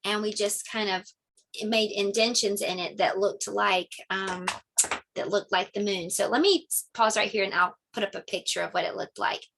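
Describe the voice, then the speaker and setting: A woman's voice: mid-range voice, steady tone, normal speed, vocal fry, fairly bright tone, slight background noise. A woman casually walking through preschool lesson ideas, chatty and explaining step by step. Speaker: teacher sharing lesson ideas. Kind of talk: casual instructional vlog.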